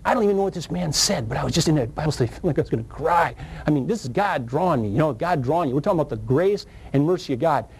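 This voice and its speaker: A man preaching a sermon and telling his own testimony, with animated storytelling and sudden high, excited bursts. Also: slight background noise, rough recording.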